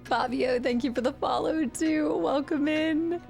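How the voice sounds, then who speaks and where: A woman livestreamer chatting casually while playing a game, gushing and excitable, thanking viewers by name. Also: high voice, unhurried, vocal fry, soft background music. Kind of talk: casual game stream chat.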